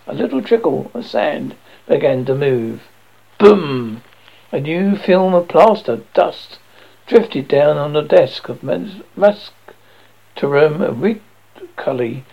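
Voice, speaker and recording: A man's voice: a little high, creaky, husky. A man narrating a novel aloud in an amateur reading, often stumbling and correcting himself. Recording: dull lo-fi recording.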